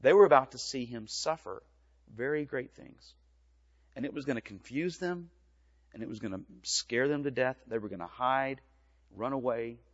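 A middle-aged man, a pastor, giving a gentle children's sermon in a church, telling a story in simple words. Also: medium pitch, moderate pace. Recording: reverberant church, dull lo-fi sound.

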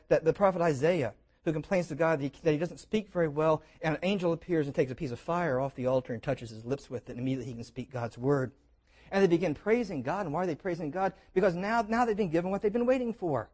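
A man preaching a sermon, retelling scripture as lively stories with jokes and invitations to imagine. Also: fairly high pitch, quick pace. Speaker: pastor.

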